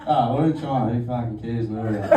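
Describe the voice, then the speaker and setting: A young man doing a casual, crude stand-up set, often laughing through his own jokes. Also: medium pitch. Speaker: stand-up comedian. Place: comedy venue, live audience. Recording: roomy venue audio from far off, noisy.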